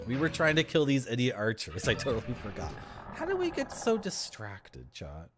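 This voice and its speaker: Animated joking man streaming. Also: medium pitch, moderate pace, over music. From Toronto, Canada. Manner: joking, chatty, laughs often. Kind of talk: casual gameplay commentary.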